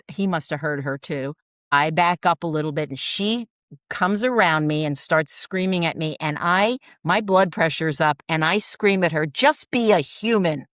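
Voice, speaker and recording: A woman co-hosting a podcast, retelling an everyday story in a lively, animated way. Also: mid-range voice, dry recording, clean studio sound. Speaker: podcast co-host. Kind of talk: casual chat.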